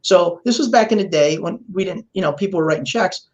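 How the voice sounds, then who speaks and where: A man as a podcast guest, explaining in a relaxed way and telling a long story in which he acts out the voices of the people he quotes. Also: high-pitched, brisk, dull audio. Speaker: guest expert.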